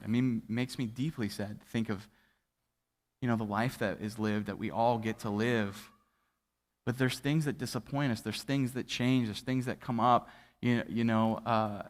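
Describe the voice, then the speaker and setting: A man preaching a sermon as a pastor, telling a family story in a loose, conversational way with many fillers and restarts, and falling to a near hush at the tender parts. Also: medium pitch. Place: church auditorium. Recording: livestreamed with long hall reverb.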